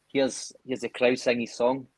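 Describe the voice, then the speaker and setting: A Scottish man giving measured, analytical football talk on a podcast. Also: medium pitch, level tone, husky, no echo. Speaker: podcast co-host. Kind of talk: casual chat.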